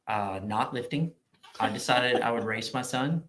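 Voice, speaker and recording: A man, a gym owner telling loud, profane stories on a casual podcast. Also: mid-range voice, a little slow, slight background noise. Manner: loud, profane storyteller acting out quotes. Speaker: gym owner and powerlifting coach.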